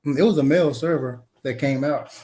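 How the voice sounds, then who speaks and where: A man in casual chat who chuckles often while quickly explaining details of a story. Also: medium pitch, warm tone. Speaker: guest, the groom-to-be.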